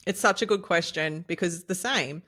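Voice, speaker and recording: A woman in her thirties talks on a casual podcast. She rambles and gets excitable, piling up fillers and laughing often. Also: lowish voice, fairly quick. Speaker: podcast co-host, nutritionist. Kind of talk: casual chat.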